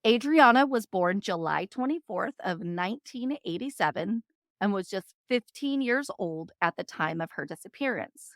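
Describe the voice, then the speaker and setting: A woman co-hosting a true crime podcast, reading case details in a steady voice at a middle pitch. She is recorded close and dry, with no room sound. Between the read passages she chats and agrees emphatically. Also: normal speed, no room sound. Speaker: podcast co-host.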